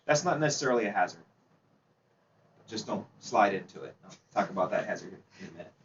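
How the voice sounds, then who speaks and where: A man's voice: sits low, animated, quick pace. A man giving an informal slide presentation at a club seminar, chatty and quizzing his audience. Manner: chatty, asks the audience questions, laughs easily. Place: meeting room. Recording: distant, dull, faint background noise.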